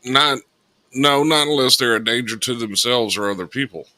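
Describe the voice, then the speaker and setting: A man's voice: mid-range voice, moderate pace, bright, forceful tone, dry recording. A man hosting a casual chat show, dropping wry mock-announcer remarks. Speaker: host.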